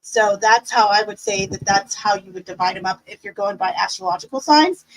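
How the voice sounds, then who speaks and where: A woman's voice: mid-range voice, brisk, slight background noise, rough recording. A woman teaching a casual live-stream tarot class, upbeat and encouraging, chatty with fillers.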